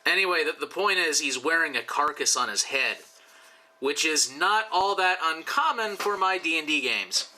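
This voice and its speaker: A tipsy man doing commissioned drawings for his YouTube channel rambles casually, joking and swearing along the way. His voice runs on the high side, sharp and lively in intonation at a normal speed, though the audio is poor.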